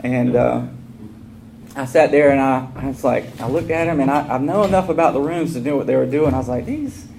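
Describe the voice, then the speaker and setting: Gravelly man sharing his story. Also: medium pitch, a little fast, darkish tone. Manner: casual and candid, acts out quoted dialogue. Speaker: AA speaker. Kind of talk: recovery share at a meeting. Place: meeting room. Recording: noisy room recording.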